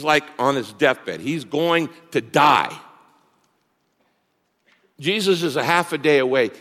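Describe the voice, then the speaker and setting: A male pastor preaching a sermon, swinging from loud, fast bursts to hushed, slow lines. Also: on the high side. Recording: long hall reverb.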